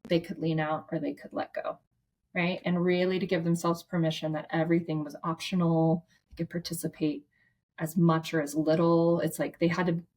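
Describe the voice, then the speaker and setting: Woman therapist, guest; low-ish voice, heartfelt chatty storytelling full of restarts. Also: level tone, moderate pace, a little mellow. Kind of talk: casual storytelling.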